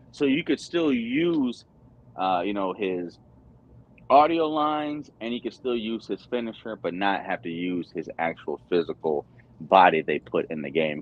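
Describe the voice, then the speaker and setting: A man's voice: low-pitched, muffled recording. A man hosting a pop-culture stream, rambling in casual chat with lots of fillers and crude slang over an online voice chat.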